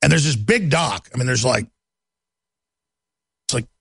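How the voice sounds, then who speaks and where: A man's voice: medium pitch, expressive, unhurried, vocal fry, husky, no echo. A man hosting a talk show, delivering a heated political monologue in a contemptuous, ranting way with stammered repeats.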